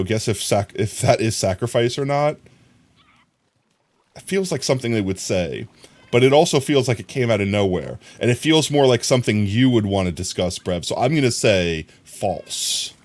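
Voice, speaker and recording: A man's voice: lowish voice, lively intonation, normal speed. A man streaming a video game, rambling to himself and his chat with frequent laughter. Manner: rambling, self-talking, laughs often; chatting to viewers. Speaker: livestreamer. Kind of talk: casual gameplay commentary.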